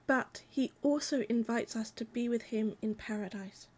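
A woman delivering a sermon in a calm, measured, reflective way. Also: a little high. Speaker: preacher.

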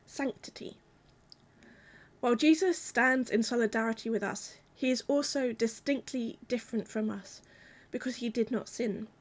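A woman delivering a sermon in a calm, measured, reflective way. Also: on the high side. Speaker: preacher.

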